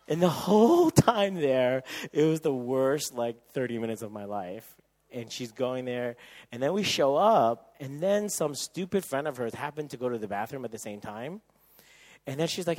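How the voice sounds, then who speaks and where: A man in his thirties preaching at a camp, telling a personal story with lively acted-out voices and frequent laughter. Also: mid-range voice, moderate pace. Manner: animated storyteller, acts out voices, laughs often. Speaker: camp speaker. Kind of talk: sermon with storytelling.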